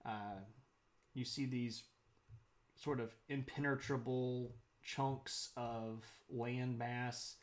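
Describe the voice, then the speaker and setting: A man with a mid-pitched voice gives a casual, live history lecture. He talks in a chatty way, pausing to greet viewers by name and laughing often. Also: fairly even intonation. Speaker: history streamer.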